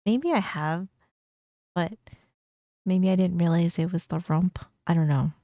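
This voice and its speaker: Mellow, chatty woman reacting to a video. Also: on the low side, unhurried, dry recording, lo-fi sound. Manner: chatty, giggly, repeats words. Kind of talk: casual reaction chat.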